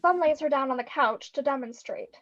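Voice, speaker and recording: A woman with a high voice reads stage directions briskly and a little wryly. The sound is dull and lo-fi, like video call audio. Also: fairly bright tone. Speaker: narrator.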